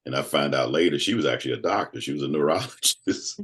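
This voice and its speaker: A man in his fifties, a guest telling a personal story in casual conversation, animated and acting out other people's voices. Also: very deep voice, quick pace. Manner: animated storyteller who acts out quoted voices.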